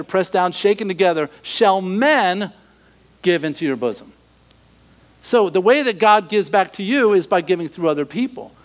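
A middle-aged male pastor preaching a sermon, animated, acting out quoted voices and dropping to soft asides. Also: sits high, poor audio.

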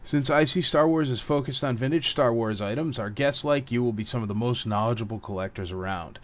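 Man, podcast host, relaxed, jokey, muffled lo-fi audio. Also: medium pitch, fairly quick. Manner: laid-back, jokey, calls guest man and brother. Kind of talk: casual interview chat. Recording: dull lo-fi audio.

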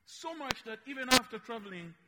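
A man from Uganda with a Ugandan accent and Luganda as his first language, preaching a slow, emphatic, playful sermon in a church. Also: very high voice, sing-song, big-room sound, over a noisy crowd. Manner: slow, emphatic, dynamic in loudness, playful teasing.

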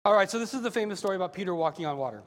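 High-voiced preacher in a reverberant hall. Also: male voice, racing. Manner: animated, acts out voices in the story. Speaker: pastor. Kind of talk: sermon.

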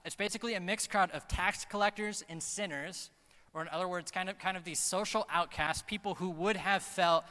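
A man preaching a sermon as pastor, earnest and emphatic, slowing down to stress key phrases. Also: high-pitched, steady tone, sharp tone. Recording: long reverb of a large hall.

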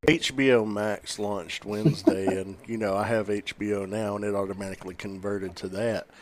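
A middle-aged man with a lowish voice talks bluntly in casual chat and swears freely. The chatter of a crowd is clearly heard behind him. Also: steady tone, moderate pace. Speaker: parent.

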